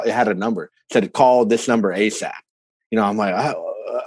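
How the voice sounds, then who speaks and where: A man's voice: medium pitch, brisk, no room sound. A man telling a story in a casual podcast chat, laughing often and swearing freely as he acts out his own reactions. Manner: laughing, animated retelling, profane. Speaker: podcast co-host.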